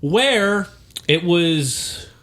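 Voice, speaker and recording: A young adult man co-hosting a casual podcast, joking sarcastically with dark humor and laughing often. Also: high-pitched, lively intonation, extremely slow. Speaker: podcast co-host. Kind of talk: casual crude podcast chat.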